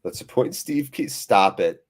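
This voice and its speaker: A man's voice: on the low side, lively intonation, measured pace. A man hosting a live fan watchalong, reading viewers' chat aloud with jokey swearing and a weary, deflated tone.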